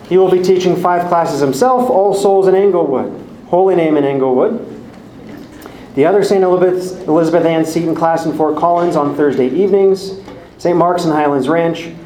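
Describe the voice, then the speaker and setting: A man with a fairly high, warm voice, heard over slight background noise, handles the announcements for his Bible study in a friendly, organized way. The live group sits in an echoey church hall with faint ambience.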